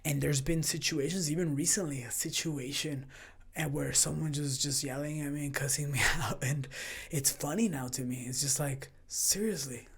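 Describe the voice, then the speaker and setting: A man talks on a podcast as a guest, casually recounting a run-in at his gym. He tells it in a lively way, slipping into the voices of the people he quotes. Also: fairly high pitch, normal speed, gravelly, breathy edge. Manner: animated storyteller who acts out quoted exchanges. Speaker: podcast guest, jiu-jitsu gym owner and coach.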